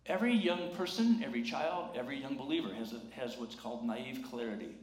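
Roomy conversational pastor preaching. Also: male voice, mid-range voice, quick pace. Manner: conversational and humorous, acts out quoted voices. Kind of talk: sermon. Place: church sanctuary. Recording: roomy church sound.

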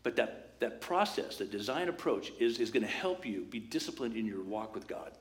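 A man's voice: lowish voice, normal speed. Conversational male pastor preaching. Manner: lively, conversational, acts out quoted voices. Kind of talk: sermon.

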